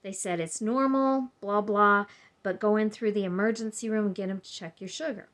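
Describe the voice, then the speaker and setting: Her voice mid-range and fairly bright, at a moderate pace, a woman vlogger chats to her camera at home about something that happened to her. She rambles and acts out what others said.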